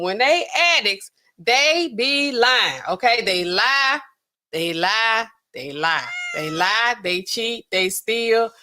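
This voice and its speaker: Animated chatty woman hosting commentary. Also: mid-range voice. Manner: animated, colloquial, chatty, laughs often; swings often between loud and quiet. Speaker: host of a commentary show. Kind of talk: casual rambling commentary.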